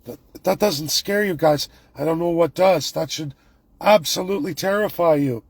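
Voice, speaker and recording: A man's voice: on the high side, normal speed, vocal fry, breathy edge, dry recording. A man, ranting emphatically and repetitively in a political vlog monologue. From Canada. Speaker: political commentator.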